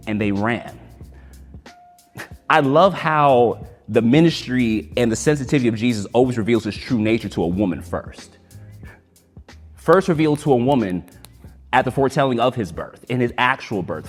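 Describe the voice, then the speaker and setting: A man telling a sacred story as a dramatic spoken-word sermon, swinging between hushed and loud and slowing for emphasis. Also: mid-range voice. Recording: long hall reverb, faint music.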